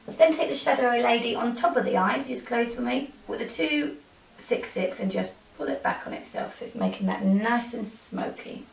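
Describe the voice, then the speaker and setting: A woman makeup artist narrating a tutorial, giving soft, coaxing instructions to her model as she works. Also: fairly high pitch, normal speed, creaky. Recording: roomy, from a distance.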